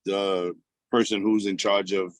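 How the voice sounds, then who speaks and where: Co-host, man, lowish voice, dry sound, hesitant and halting. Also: flat delivery, dry recording. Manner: hesitant, halting with many fillers.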